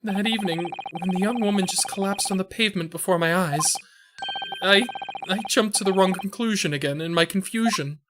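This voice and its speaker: A woman's voice: medium pitch, a little fast, natural voice. Woman doing nervous stammery young scholar guy, game music behind. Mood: anxious. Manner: anxious, stammering, rising to panic. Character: nervous young male Japanese scholar, jumpy. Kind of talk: streamer reading game dialogue aloud.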